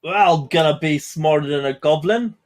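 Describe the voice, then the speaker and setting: Excitable, foul-mouthed male player, slightly higher voice. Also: moderate pace. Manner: excitable, swears freely. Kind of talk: tabletop game chat.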